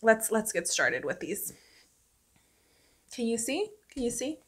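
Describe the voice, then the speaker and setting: A woman's voice: on the high side, very animated, slow pace, fairly bright tone, slightly rough. A young woman, an actress, chatting emotionally and casually at home for her vlog, laughing often. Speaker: actress and vlogger. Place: at home indoors.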